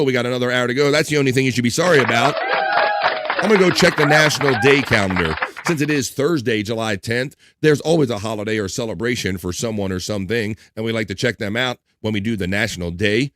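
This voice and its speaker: A man's voice: medium pitch, a bit bright, no room sound, studio quality. A man hosting a live stream, reading chat messages aloud and making crude jokes in casual banter. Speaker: livestream show host.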